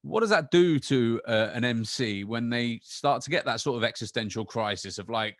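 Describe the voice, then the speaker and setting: A man's voice: mid-range voice, animated, normal speed, hardly any pauses, no room sound. Male podcast host, conversational, thinks aloud while asking, dry sound. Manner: conversational, builds questions out loud. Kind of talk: casual interview questions.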